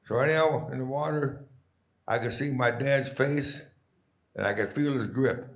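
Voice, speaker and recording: A man's voice: mid-range voice, normal speed, creaky, echoey room. A man in his nineties, a guest speaker, telling stories to a live audience in a rambling, chuckling, folksy way. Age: 90s.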